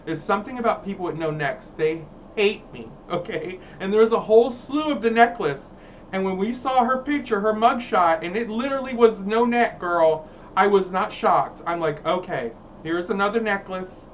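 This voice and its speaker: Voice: mid-range voice, expressive, normal speed, lo-fi sound. A host riffs on viewer comments in a sassy, theatrical, campy way. The voice sits in a middle register. It is caught from a little distance, with a faint hum of background noise. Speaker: livestream host reading viewer chat. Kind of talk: casual livestream chat.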